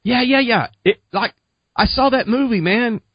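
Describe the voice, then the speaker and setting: A man voicing his own younger self, giddy and carefree, in an excited, breezy way. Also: extremely high pitch, normal speed, vocal fry, slightly rough, no room sound, muffled recording, pitched above the performer's own voice, exaggerated voice. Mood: eager.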